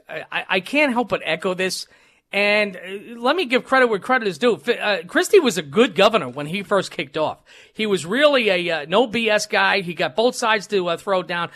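Bright high-voiced male radio host. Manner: jokey, laughing, many fillers and restarts. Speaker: radio talk show host. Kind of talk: talk radio banter.

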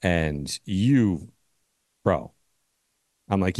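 A man co-hosting a sports podcast, telling stories in an animated way and swearing casually. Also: lowish voice, moderate pace, no echo, studio quality. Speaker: podcast co-host.

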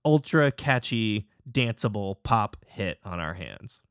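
A man co-hosting a casual chat, joking playfully with quick comebacks. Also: fairly low pitch, expressive, clean tone, no echo, clean studio sound. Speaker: podcast co-host, music producer.

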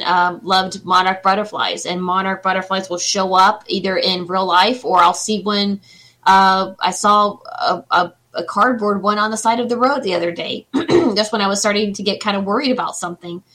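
A woman's voice: medium pitch, pushed and bright, poor audio. A woman guest on an interview show who does psychic readings, talking in a reassuring, chatty way. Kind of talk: casual interview chat.

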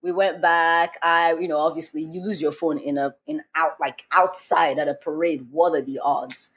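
A woman hosting a podcast, telling a story in casual chat, animated and laughing as she acts out quotes. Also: sits low, moderate pace, breathy edge. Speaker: podcast host.

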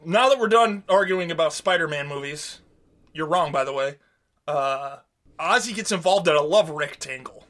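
Recapping a show on his podcast, this co-host chats loosely and profanely, performing lines in goofy voices. He speaks at a normal speed, in a slightly high, somewhat bright voice.

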